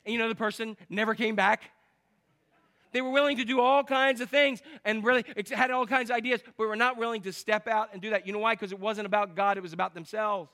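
A man preaching a sermon as pastor, animated, acting out the people in his stories. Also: high voice, fast. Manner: animated storytelling, acts out quotes.

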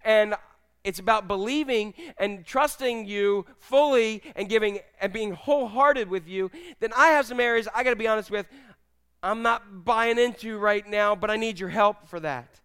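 A man's voice: high voice, moderate pace, a bit bright, smooth. A man voicing a desperate father who pleads earnestly with God, raised and pushed. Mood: pleading.

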